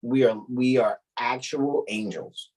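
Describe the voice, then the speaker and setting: A man's voice: mid-range voice, slow, darkish tone, rough recording. A man co-hosting a casual podcast chat, blunt and profane with a preachy edge. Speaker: co-host.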